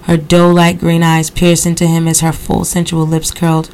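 A woman podcast host reading a novel aloud at a steady pace, breaking off now and then for casual asides. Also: lowish voice, normal speed, vocal fry, a little hiss or hum, low-quality recording. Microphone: computer recording software.

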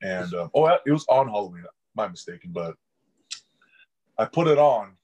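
Young male athlete guest with a husky, lowish voice. Easygoing storyteller who laughs a lot. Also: lively intonation, moderate pace, darkish tone, muffled recording. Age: young adult. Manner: laughs often while telling stories. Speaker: college football player, interview guest. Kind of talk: casual storytelling.

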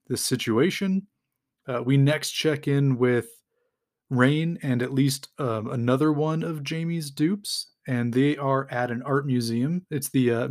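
An American man hosting a podcast, casually recapping a comic storyline with lots of fillers and quick little acted-out quotes. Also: medium pitch, a little mellow. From United States. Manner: rambling, lots of fillers, acts out quotes lightly. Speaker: podcast host.

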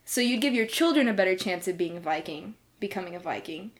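A woman's voice: on the low side, lively intonation, quick pace. A woman in her twenties co-hosting a podcast, chatting playfully and breaking into giggles. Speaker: podcast co-host. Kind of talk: casual podcast banter.

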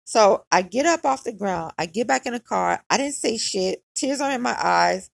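A woman with a gravelly, husky voice tells a personal story in a frank, loose, conversational way, full of "like". Her voice is mid-pitched and recorded close and dry. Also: expressive, moderate pace, no echo. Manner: candid and conversational, heavy use of "like". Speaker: podcaster.

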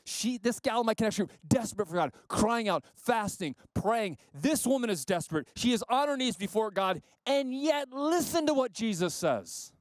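A male pastor giving a sermon in a conversational, animated way, with frequent asides. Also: sits high, normal speed, few pauses, dry recording.

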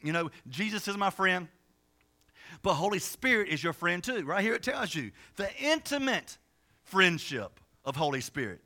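A man preaching a sermon as pastor, talking in a quick, conversational way with many restarts, jokes and asides. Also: sits high, very animated, bright, forceful tone.

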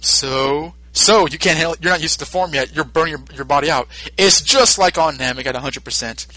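A man's voice: a little high, brisk, pushed and bright, low-quality recording. A man voicing a sneering male alien tyrant who mocks and gloats while retelling a cartoon fight. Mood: gloating. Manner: taunting, mocking.

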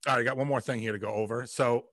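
A laid-back man hosts a casual chat over a video call. He is easygoing and agreeable with his guest. His voice is bright and forceful, and the sound is dry and close. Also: mid-range voice, fairly even intonation, racing, dry recording. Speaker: host.

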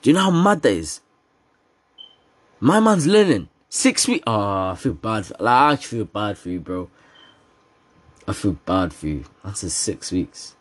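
A man's voice: on the low side, very animated, normal speed, long pauses. A teenage man hosting a casual solo podcast, rambling from topic to topic with slang and frequent laughter. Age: teens. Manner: rambling, joking, laughs often, slang-heavy. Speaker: podcast host.

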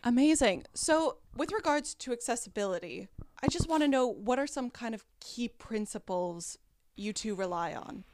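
A woman with a North American accent hosting a casual podcast chat, telling stories in a lively, chatty way. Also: fairly high pitch, normal speed. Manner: chatty, animated storyteller. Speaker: podcast host.

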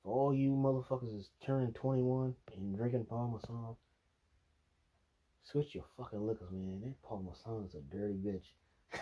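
A man's voice: fairly low pitch, warm tone, breathy edge, dull audio. A young man vlogging, telling a rambling, profane drinking story and laughing at himself. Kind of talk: casual storytelling monologue.

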